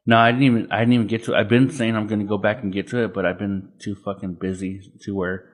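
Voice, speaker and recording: A young man co-hosting a podcast, talking in a loose, profane, animated way and acting out what others said. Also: on the low side, fast talker. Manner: loose, profane, animated retelling with quoted voices. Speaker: podcast co-host. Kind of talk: casual chat.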